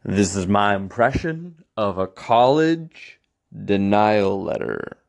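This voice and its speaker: A man presenting a series of comedy impressions in a dry, unhurried way. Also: on the low side, lively intonation, no room sound.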